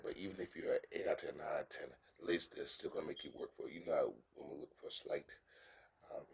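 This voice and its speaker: A man's voice: very deep voice, husky. A man giving a rambling motivational monologue to the camera, repeating himself and restarting often. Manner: repetitive, frequent fillers and restarts. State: voice cracking.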